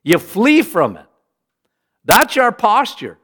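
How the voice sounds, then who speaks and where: A middle-aged man preaching a sermon, animated, rising to emphatic bursts and dropping low for weight. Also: takes it slowly, breathy edge.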